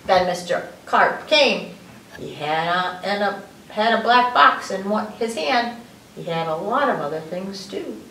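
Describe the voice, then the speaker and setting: Library lady reading a kids' book, slow and lively, echoey, faint hiss. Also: medium pitch. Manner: expressive, with chatty asides. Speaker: library story-time reader. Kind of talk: reading a picture book aloud to children. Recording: roomy, distant mic, faint hiss.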